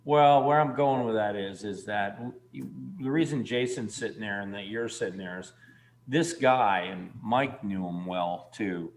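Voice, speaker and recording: A man's voice: lowish voice, a little slow. A man in his fifties telling a long, rambling story in casual chat. He talks emphatically and swears freely. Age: 50s. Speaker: guest.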